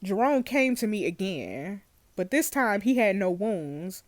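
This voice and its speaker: A guilt-ridden male detective spills his confession in a low, steady tone, as a woman reads his game lines aloud. The recording is dry and close, with no room sound. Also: a little slow, no echo. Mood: grim. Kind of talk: reading game dialogue aloud.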